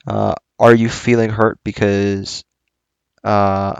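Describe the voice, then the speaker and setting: A man's voice: on the low side, fairly even intonation, unhurried, gravelly, clean tone, dry recording. A young man hosting a casual book club talk, rambling and hesitant with many fillers and restarts.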